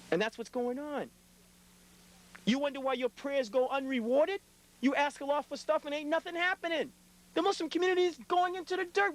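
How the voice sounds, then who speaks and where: High-voiced young man scolding his listeners. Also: low-quality recording. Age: young adult. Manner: blunt, lecturing, often tags "man". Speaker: lecturer addressing his community. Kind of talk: impassioned scolding monologue.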